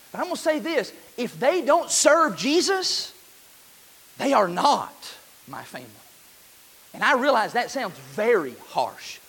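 A man in his thirties preaching a sermon in a church, earnest, swelling loud and then dropping soft. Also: very high-pitched.

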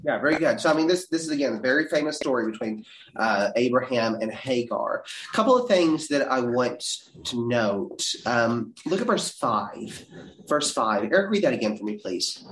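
A man teaching a Bible class, reading verses aloud with dramatic leaps in pitch. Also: lively intonation, normal speed, fairly bright tone, slight background noise. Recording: roomy echo.

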